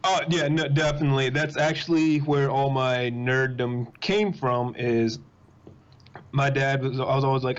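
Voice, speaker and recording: A young man, talking as a podcast guest in casual chat, telling animated stories in quick bursts. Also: mid-range voice, clear, resonant tone. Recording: dull lo-fi sound.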